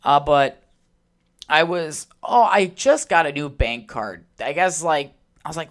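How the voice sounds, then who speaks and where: A man's voice: fairly high pitch, sing-song, a little fast, a bit bright. A man hosting his own podcast alone, rambling casually, swearing often, and getting worked up easily. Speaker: podcast host.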